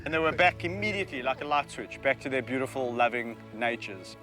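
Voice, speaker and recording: Speaking a touch quickly in a medium-pitched voice, with faint music behind him, a South African man who keeps lions at a sanctuary chats easily on location. He clearly has a soft spot for his animals.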